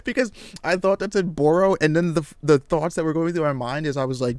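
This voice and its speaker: A man reading a comic aloud and reacting with excited exclamations and casual slang. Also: on the high side, brisk, hardly any pauses, no echo.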